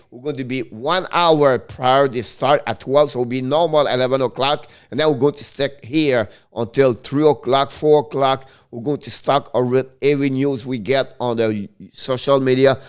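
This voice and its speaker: An eager middle-aged man chats loosely through a live sports stream. His voice is smooth and resonant, held at an everyday middle pitch. He keeps stopping mid-phrase to correct himself. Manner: excitable, restarts and self-corrections. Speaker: hockey live-stream host. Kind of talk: casual live-stream talk.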